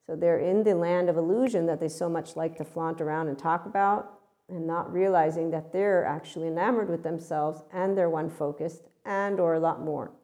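A woman spiritual teacher with a low, gravelly, mellow voice, speaking bluntly in a channeled spiritual talk. She swears freely and slips into acted voices to make her points. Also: fairly even intonation, normal speed.

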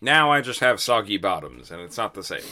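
A man's voice: fairly low pitch, very animated, brisk, sharp tone. A man joking dryly in a casual podcast chat.

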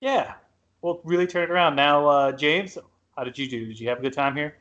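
A man's voice: fairly high pitch, fairly even intonation, fairly quick, fairly bright tone, dull audio. A man hosting a podcast in casual chat, playful and joking. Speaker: podcast host.

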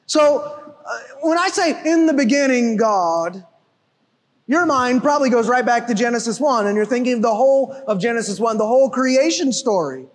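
A man preaching a sermon with an animated, emphatic delivery that often rises to shouting. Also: extremely high pitch, normal speed, big-room sound. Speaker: pastor.

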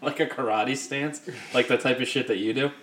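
A man's voice: mid-range voice, fairly even intonation, fairly quick, fairly bright tone, slight background noise. A man hosting a podcast, dropping dry wisecracks and laughing along with his co-host in casual chat. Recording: roomy echo.

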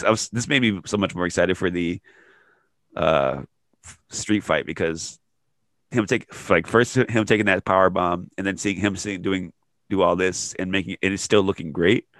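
A man co-hosting a podcast, recapping wrestling in casual chat, excitable and laughing often. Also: low voice, normal speed, no room sound, clean studio sound. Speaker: podcast co-host.

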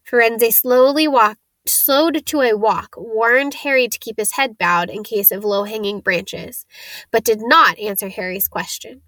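A woman's voice: on the high side, unhurried, no room sound, rough recording. Woman narrating a storybook, dry close sound. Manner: steady, expressive reading. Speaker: audiobook narrator.

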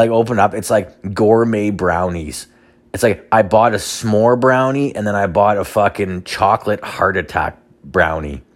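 A man in his thirties hosting a solo podcast, telling rambling, self-deprecating stories packed with swearing. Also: on the low side. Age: 30s. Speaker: podcast host. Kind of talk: casual solo podcast storytelling.

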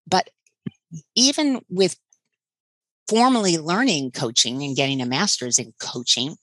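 A woman coach talking casually in an interview, halting and rambling with fillers. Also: low voice, fairly bright tone, no room sound, rough recording.

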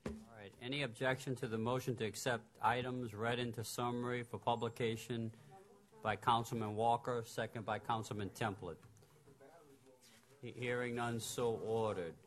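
A man chairs a council meeting. He calls the motions in brisk, procedural phrases, and his voice sits at a mid pitch. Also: little pitch movement.

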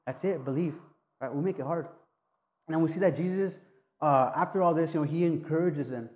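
Man, pastor type, fairly high but warm and mellow voice; loose, conversational sermon delivery with restarts. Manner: casual, halting, frequent restarts and "right?".

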